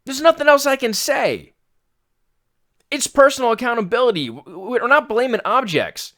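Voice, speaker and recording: A man's voice: extremely high pitch, animated, moderate pace, fairly bright tone. A man hosting a fitness podcast, giving a blunt, exasperated rant that includes some swearing. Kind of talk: ranting podcast monologue.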